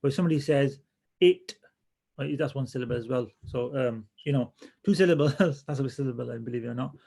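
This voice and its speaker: A man teaching a religious class in a relaxed, conversational way, often restarting his sentences as he thinks aloud. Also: mid-range voice, fast talker, gravelly. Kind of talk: casual classroom lesson.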